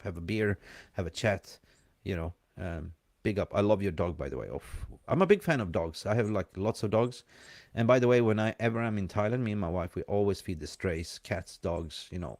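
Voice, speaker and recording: Male live-stream co-host, mixed accent with an Aussie hint, excitable and chatty, lowish voice, dry close sound. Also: no room sound. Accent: mixed, hint of Australian. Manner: chatty, excitable, banter with viewers in chat. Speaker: fan channel co-host. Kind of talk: casual live-stream chat.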